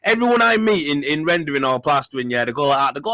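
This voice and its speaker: A man's voice: fairly high pitch, very animated, fast talker, sharp tone. A young man, a podcast host, chatting casually, swearing and laughing as he tells stories. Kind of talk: casual chat.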